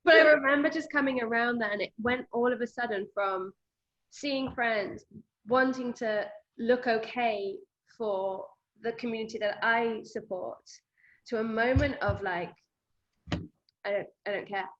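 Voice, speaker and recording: A woman's voice: fairly high pitch, measured pace. A woman host, telling a story in an emotional, conversational way and acting out her own thoughts. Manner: animated, quotes herself in lively bursts. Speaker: running coach and podcast host. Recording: slightly dull lo-fi audio.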